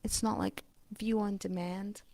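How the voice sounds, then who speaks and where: A woman's voice: mid-range voice, fairly even intonation, a little slow, mellow, no room sound. A woman vlogger chatting casually, rambling and blunt, swearing freely and drifting into asides. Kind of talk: casual chat.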